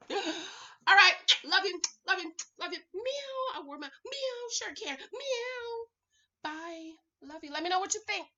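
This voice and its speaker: A woman's voice: very high-pitched, lively intonation, a little fast, hardly any pauses, bright, forceful tone, muffled recording. A woman recording a casual, sassy recap vlog at home, chatting to her viewers and calling them y'all, honey and girl. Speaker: reality TV recap vlogger.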